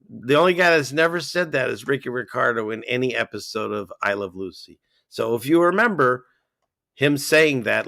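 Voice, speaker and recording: Excitable guy rambling thru chat comments on a stream, gravelly edge, bright forceful tone, dry close sound. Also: medium pitch, no room sound. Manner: excitable, rambling, jumps between topics. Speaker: livestream host. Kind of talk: casual chat reading viewer comments.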